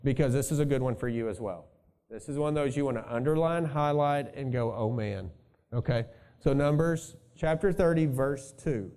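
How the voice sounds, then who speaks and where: A man's voice: medium pitch, normal speed, warm tone. A male pastor preaching a sermon in a conversational way, thinking aloud and adding asides to his congregation.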